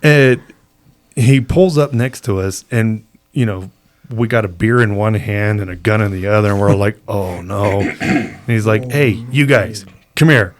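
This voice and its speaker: A man's voice: fairly low pitch, normal speed. A man co-hosting a podcast, telling a long story in a laid-back, rambling way and acting out the people in it. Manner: laid-back, rambling, acts out quoted voices. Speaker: podcast co-host. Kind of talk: casual storytelling chat.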